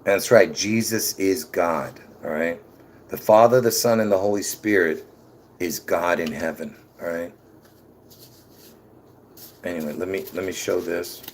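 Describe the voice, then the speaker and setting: A man hosting a rambling religious livestream, repeating himself and bursting into excited emphasis, his words a little slurred from dentures. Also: low voice, measured pace, pauses often, a little hiss or hum. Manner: chuckles at his own slips. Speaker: livestream host.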